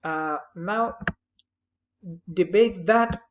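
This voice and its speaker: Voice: medium pitch, drawn-out words. Brief: patient writing tutor giving feedback on a summary, slightly dull lo-fi recording with faint background noise. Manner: patient, explanatory, gently correcting. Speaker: English writing teacher.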